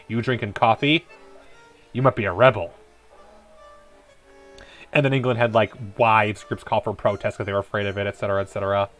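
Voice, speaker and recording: A man's voice: lowish voice, fairly bright tone. A man streaming a game, rambling casually and eagerly about history. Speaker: let's-play streamer. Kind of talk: casual gameplay commentary.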